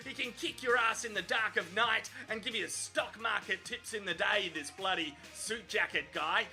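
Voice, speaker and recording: A man's voice: high-pitched, sharp tone. A man with an Australian accent giving profane, cheeky comic voice-over commentary as host.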